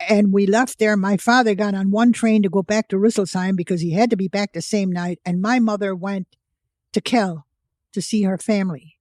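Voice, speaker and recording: Woman in her eighties, from the US, podcast guest with a lively storytelling manner, dry close recording. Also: mid-range voice, moderate pace, dry recording. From United States. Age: 80s. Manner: vivid storyteller who acts out quoted voices. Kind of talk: personal storytelling.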